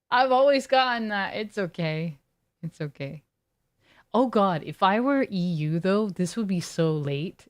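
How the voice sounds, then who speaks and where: A woman's voice: medium pitch, smooth. A woman streamer chatting casually with her viewers, reading chat aloud and riffing on it in a laid-back way.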